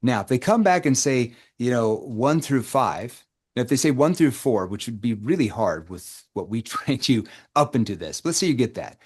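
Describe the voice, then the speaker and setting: A man's voice: medium pitch, lively intonation, moderate pace, husky. A man running a live sales coaching session over a video call, who keeps quizzing the group with rhetorical questions. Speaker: sales trainer.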